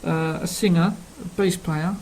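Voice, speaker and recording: A man's voice: a little high, steady tone, a little slow, a little mellow, slight background noise, low-quality recording. Chatty Cockney man with hesitant ums. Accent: Cockney London. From England. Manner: rambling, many ums and uhs. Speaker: language learning speaker. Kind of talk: casual self-introduction.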